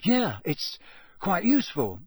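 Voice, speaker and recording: A man's voice: high voice, huge pitch swings, darkish tone, breathy edge, dry recording, clean studio sound, voice pushed up, full character voice. A man voicing a nervous teenage boy who speaks weakly and hesitantly. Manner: hesitant and weak, with halting fillers. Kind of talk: audiobook character voice.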